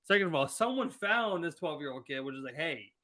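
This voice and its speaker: A young man co-hosting a podcast in casual chat, laughing often and chiming in with quick agreement. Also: a little high, animated, sharp tone. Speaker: podcast co-host.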